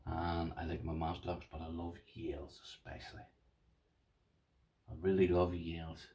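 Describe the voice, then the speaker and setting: Deep and monotone yet warm, an Irish man chats at a moderate pace on his lockpicking vlog, gushing and repeating himself to viewers during a casual, excited unboxing. The mic is distant.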